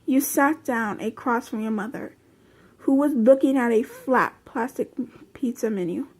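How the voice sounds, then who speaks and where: A woman's voice: fairly high pitch, a little slow, breathy edge. A woman reading a fan story aloud from a phone, in a plain, unpolished way with restarts. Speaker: reader.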